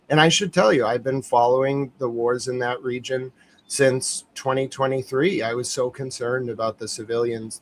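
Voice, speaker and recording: A man's voice: mid-range voice, a little hiss or hum, poor audio. A young adult man, a guest who livestreams the news, telling long earnest stories in casual chat. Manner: earnest, rambling storyteller.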